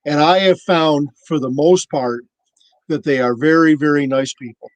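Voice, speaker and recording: A man on a podcast telling a casual, animated story and acting out the voices of the people in it. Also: fairly high pitch, normal speed, dry recording, poor audio. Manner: animated anecdote-teller, acts out quoted voices. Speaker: podcast cohost.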